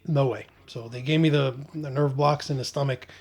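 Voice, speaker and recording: A man vlogging about his own surgery in a relaxed, joking way, with many ums and restarts. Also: medium pitch, moderate pace, a little hiss or hum. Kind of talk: casual first-person storytelling.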